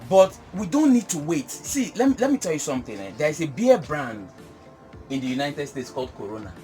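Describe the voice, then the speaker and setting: Male business guest, animated and emphatic, clear music bed behind. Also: on the high side, a little fast. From Nigeria. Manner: animated, emphatic, laughs often. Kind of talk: casual chat.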